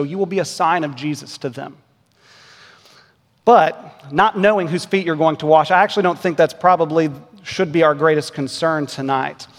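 A man in his thirties preaching a sermon in a church, earnest and measured, pressing his point with emphatic rhetorical questions. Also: on the high side. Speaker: pastor. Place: church sanctuary. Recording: long church reverb.

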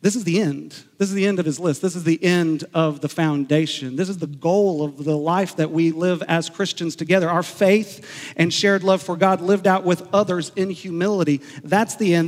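A man delivering a sermon in a church sanctuary, his voice sitting high for a man. He speaks with earnest conviction and slows down to stress key points. A long reverb trails after each phrase. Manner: earnest storytelling preacher, slows for emphasis. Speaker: pastor.

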